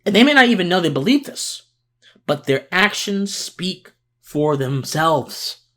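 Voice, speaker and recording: A man hosting a political podcast, delivering an unscripted commentary monologue. He sounds mentally tired and slower than usual, yet earnest and impassioned, with frequent restarts. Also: sits high, big pitch swings, a bit bright.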